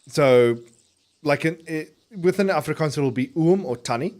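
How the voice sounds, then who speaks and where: A man streaming a game and chatting casually. He rambles with many restarts, swears freely and speaks with clear enunciation. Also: fairly high pitch, animated, moderate pace, a little mellow.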